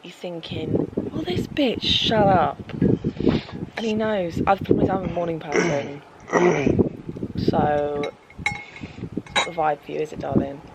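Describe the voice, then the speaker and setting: A woman's voice: low voice, steady tone, takes it slowly, pauses often, very noisy. A woman in her twenties chatting and teasing through a casual holiday vlog. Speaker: vlogger. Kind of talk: casual travel vlog chat. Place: hotel terrace and restaurant on holiday. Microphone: handheld compact camera mic.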